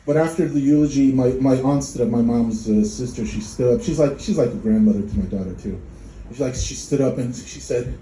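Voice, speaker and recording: Deadpan man from Poland doing stand-up. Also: medium pitch, fairly quick, slight background noise. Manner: deadpan, dark humor, jumps into mocking voices. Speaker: stand-up comedian. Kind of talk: stand-up comedy set. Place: comedy club before a live audience. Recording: echoey room with crowd laughter.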